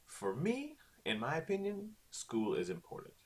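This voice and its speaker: A man's voice: on the high side, wildly swooping pitch, normal speed. A man teaching a recorded Spanish lesson in a chatty way, often checking in with "okay?".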